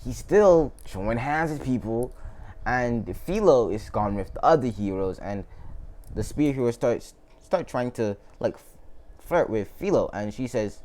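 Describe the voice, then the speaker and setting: A man's voice: medium pitch, animated, measured pace, darkish tone, slight background noise. A man casually retelling a fan story, rambling, laughing often and correcting himself as he goes.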